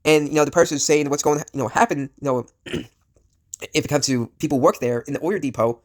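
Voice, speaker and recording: A man's voice: fairly high pitch, fairly even intonation, brisk, a little mellow. A man who is sick and coughing, ranting in casual commentary. He rambles bluntly, with lots of fillers and swearing. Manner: rambling, full of fillers and restarts, blunt and profane. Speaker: vlogger.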